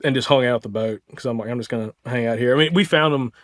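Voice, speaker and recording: A man, a podcast host, telling a story in casual chat and acting out the quotes with animated energy. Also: mid-range voice, fast talker. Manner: animated, excitable storyteller who acts out quotes.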